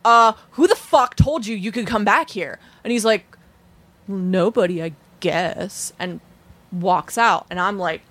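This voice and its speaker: A woman's voice: mid-range voice, measured pace, fairly bright tone. A young adult woman telling a story in casual chat, blunt and profane, acting out the people she quotes.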